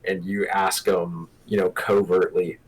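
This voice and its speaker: Husky, low-voiced game master. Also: male voice, flat delivery, unhurried, low-quality recording. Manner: wry, narrating. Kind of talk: running a tabletop game.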